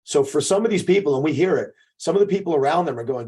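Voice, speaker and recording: A man's voice: a little high, expressive, quick pace, mellow, slightly rough. A man co-hosting a podcast as a jiu-jitsu coach, giving an emphatic, profane motivational talk that keeps checking in with "okay".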